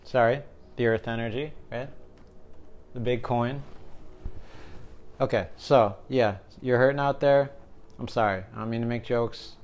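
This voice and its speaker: A man's voice: medium pitch, fairly even intonation, a little slow, long pauses, muffled recording. A young man giving a casual tarot reading, joking and rambling, often checking in with "right?". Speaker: tarot reader.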